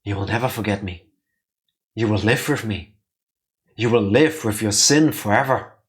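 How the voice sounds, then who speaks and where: A man voicing a dark shadow spirit in a visual novel, speaking in a low, hollow, accusing way. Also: normal speed, close to an everyday voice.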